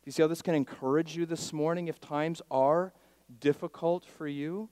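A male pastor preaching a sermon, swinging from quiet asides to loud emphatic declarations and leading the congregation in call-and-response. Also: fairly high pitch, fairly even intonation, moderate pace, clean tone, no room sound. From Miami, Florida.

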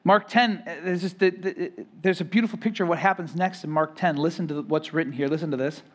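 A pastor preaches a sermon in a high-pitched, fairly quick voice. On key phrases he swells louder and higher before dropping back soft, and he repeats and restarts words as he builds each point.

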